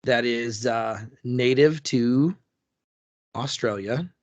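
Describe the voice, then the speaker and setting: A man's voice: medium pitch, takes it slowly. Rambling man telling history casually. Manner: rambling, restarts, jokey asides. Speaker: podcast co-host.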